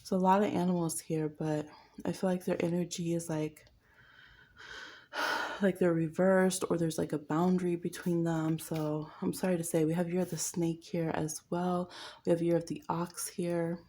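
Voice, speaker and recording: A woman's voice: lowish voice, little pitch movement, moderate pace, dark tone. A woman giving a casual pick-a-card tarot reading, chatty and playful, laughing often and mocking people with quoted voices. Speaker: tarot reader.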